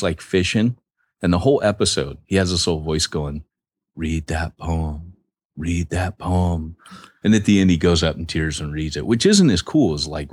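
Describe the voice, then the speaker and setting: Low-voiced male podcast co-host, rambling joker, dry close mic. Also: dry recording. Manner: joking, rambling storyteller. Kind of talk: casual banter.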